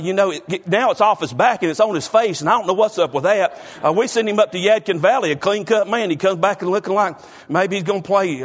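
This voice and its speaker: Fervent husky-voiced preacher man. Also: high-pitched. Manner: fervent, calls out congregation members by name. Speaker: pastor. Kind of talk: sermon.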